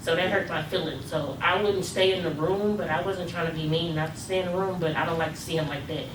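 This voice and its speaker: Tired young woman, soft-spoken. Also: lowish voice, steady tone, quick pace. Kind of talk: casual personal testimony. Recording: echoey room, far mic, noisy.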